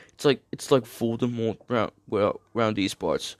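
A man's voice: lowish voice, a little slow, dry recording, clean studio sound. A young man reads a finance article aloud, breaking off for slangy jokes and stumbling over terms. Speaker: streamer reading an article. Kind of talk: casual reading with commentary.

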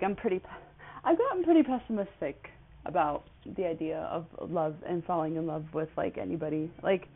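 A woman in her twenties, a podcast host, chatting casually and rambling with lots of fillers. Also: lowish voice. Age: 20s. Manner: rambling, chatty, with many fillers and frequent laughs. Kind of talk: casual solo podcast chat. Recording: tinny phone-like audio.

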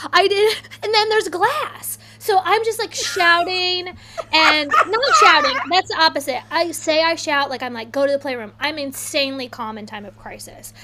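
A woman in her thirties telling a rambling, animated story in casual chat, full of "like"s. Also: extremely high pitch, noisy background.

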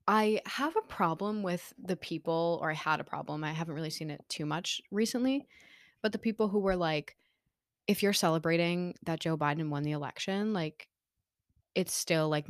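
A woman's voice: deep voice, dry recording, clean studio sound. A young woman hosting her own podcast, chatting casually and filling her talk with "like" and "um". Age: young adult. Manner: chatty, heavy use of "like" and "um", frequent laughter. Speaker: podcast host. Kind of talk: casual chat. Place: her room.

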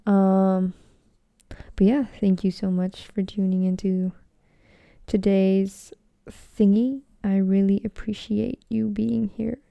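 A woman's voice: mid-range voice, little pitch movement, slow pace, creaky, no echo, muffled recording. A young woman hosting a casual solo podcast from home, rambling, swearing a lot and sometimes dropping into a whisper. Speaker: podcast host.

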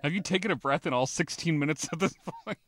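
A man's voice: a little high, quick pace, a bit bright, slight background noise. A man co-hosting a podcast, tossing in dry quips and reading out listener questions. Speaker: podcast co-host. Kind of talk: casual podcast chat.

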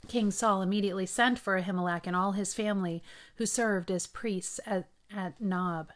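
A woman hosting a daily Bible reading, reading scripture in a measured way with brief asides. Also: mid-range voice, steady tone.

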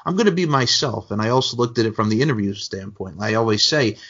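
A man's voice: fairly low pitch, fast, muffled recording. A man from Long Island, chatting energetically as a podcast guest. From Long Island, New York. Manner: energetic, talkative, with bursts of promo bravado. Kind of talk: casual interview chat.

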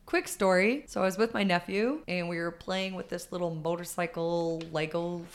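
Low-pitched woman telling stories. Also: normal speed, a little hiss or hum. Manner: animated, laughing, swears freely. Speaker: podcast co-host. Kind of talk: casual chat, storytelling.

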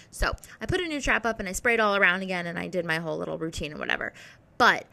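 A young woman with a bright, clear voice tells a rambling story to her viewers. She swears freely and jumps between topics with lots of filler words. Her delivery stays lively and unscripted. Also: fairly low pitch, fast talker. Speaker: vlogger. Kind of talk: rambling casual monologue.

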